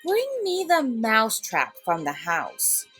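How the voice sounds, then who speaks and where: A woman voicing a gentle, kind fairy godmother in a storybook read-aloud, speaking softly and reassuringly. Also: fairly high pitch, wildly swooping pitch, slow pace, slightly rough, soft background music, heavily acted.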